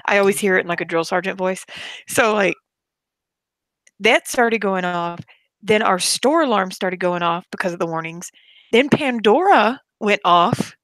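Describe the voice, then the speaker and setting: Lol woman hosting a chat stream, lively storyteller, dry close mic. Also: medium pitch, moderate pace, dry recording. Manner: animated, laughs through her story. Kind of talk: casual group chat, storytelling.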